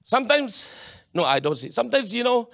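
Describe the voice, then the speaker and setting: A man preaching a sermon, animated, with local particles and many restarts. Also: very high-pitched, brisk, vocal fry. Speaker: pastor.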